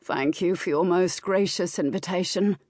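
A woman voicing an aloof male gargoyle nobleman with a silky, lofty drawl and crisp consonants. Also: fairly low pitch, moderate pace, darkish tone, no room sound, studio quality, natural voice.

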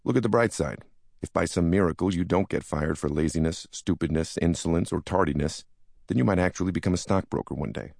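A man putting on a sneering young yuppie stockbroker in an audiobook, full of disdain and smug contempt. The voice sits very deep, with a gravelly edge, and sounds close and dry. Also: brisk, darkish tone, no room sound. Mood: scornful. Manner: contemptuous, smirking.

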